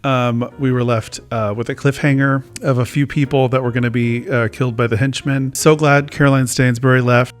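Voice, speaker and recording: A man's voice: medium pitch, level tone, normal speed, few pauses, soft background music. A man hosting his own casual talk show, rambling and joking at his own expense. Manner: rambling, self-mocking, chatty. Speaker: host. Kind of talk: casual chat.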